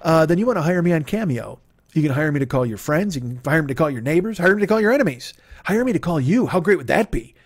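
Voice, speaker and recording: A man hosts his comedy podcast and rambles in circles, mocking himself and swearing freely. His voice sits a little high. The sound is dry and close, with no room echo. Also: animated, fast, breathy edge. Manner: rambling, self-mocking, profane, talks in circles. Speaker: podcast host.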